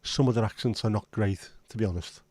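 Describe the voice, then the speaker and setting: Male livestream host, rambling and blunt, mellow low voice, dry close sound. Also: fast, dry recording. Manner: rambling, chatty, blunt with occasional swearing. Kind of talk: casual livestream chat.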